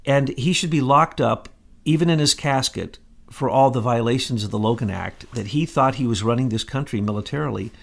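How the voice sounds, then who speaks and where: A gravelly-voiced man co-hosts a political talk show, making sweeping claims with total confidence. His pitch sits mid-range, with plenty of vocal fry. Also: fairly quick. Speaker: co-host.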